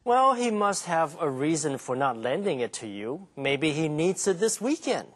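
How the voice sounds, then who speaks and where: A man's voice: a little high, very animated, moderate pace, fairly bright tone. A man playing a curious learner who asks questions in a scripted English lesson dialogue.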